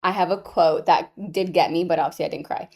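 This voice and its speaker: A woman's voice: fairly low pitch, steady tone, fast talker, creaky. A young woman co-hosting a book club podcast, rambling with many "like"s and teasing in casual chat. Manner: filler-heavy, rambling, teasing. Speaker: podcast co-host.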